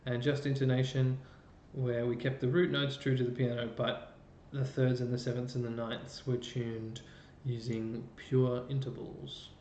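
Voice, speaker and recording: A man's voice: medium pitch, level tone, a little slow, few pauses, darkish tone. A man teaching an online music lesson, explaining step by step and thinking aloud as he works a computer. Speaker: chorus music educator. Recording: roomy, dull lo-fi sound with faint noise.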